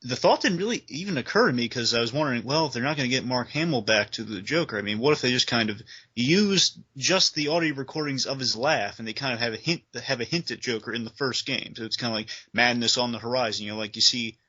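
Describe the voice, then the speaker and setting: A man in a relaxed discussion who wanders through his points with lots of hedging. His voice sounds bright and forward, and the lo-fi recording dulls it a little. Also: mid-range voice, fast, few pauses, husky. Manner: rambling, full of hedges like "kinda" and "you know". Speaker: co-host of a game review discussion. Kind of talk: casual chat.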